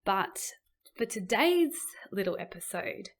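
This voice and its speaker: A woman hosting a podcast, talking casually to listeners in an animated, chatty way and switching to a newsreader voice to read articles aloud. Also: fairly low pitch, measured pace. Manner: chatty, animated, laughs easily; puts on a newsreader voice when reading articles. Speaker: podcast host. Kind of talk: casual podcast chat and reading news articles.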